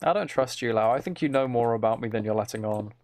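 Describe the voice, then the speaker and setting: A man's voice: mid-range voice, fast, darkish tone, slight background noise. A man chatting casually with his live-stream audience while he plays a game, rambling, joking and teasing viewers.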